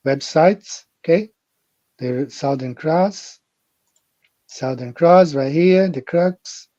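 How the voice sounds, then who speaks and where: Slow, dark-toned man hosting a live stream. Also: medium pitch, dry recording. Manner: rambling, repeats phrases, addresses viewers directly. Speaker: livestream host. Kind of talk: casual live-stream talk. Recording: muffled lo-fi audio.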